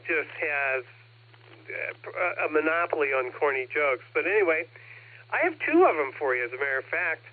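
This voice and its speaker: A man checking in to an amateur radio net, telling jokes in a slow, folksy way. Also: fairly high pitch. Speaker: net caller. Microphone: radio transceiver microphone. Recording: narrow radio transmission audio.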